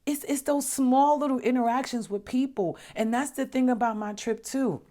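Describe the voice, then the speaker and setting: A woman hosting her own podcast, telling personal stories in a chatty, animated way, acting out conversations and dropping to soft murmurs when she reflects. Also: moderate pace. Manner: chatty, animated, acts out dialogue with big pitch jumps. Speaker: podcast host. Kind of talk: casual personal storytelling.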